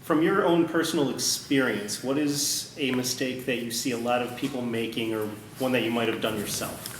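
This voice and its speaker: A man asking a question at a press roundtable in a measured, casual way. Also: mid-range voice, steady tone, slight background noise. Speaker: interviewer. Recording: echoey room.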